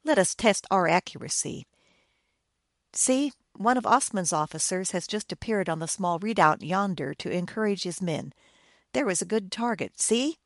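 A woman's voice: medium pitch, expressive, moderate pace, no echo, studio quality, natural voice. A woman voicing a boastful young army captain. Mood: commanding. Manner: shouted commands, confident and scornful.

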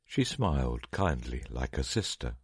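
A man reading a story aloud in a measured, dramatic narration. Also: extremely low pitch, very animated, husky, dry recording, studio quality.

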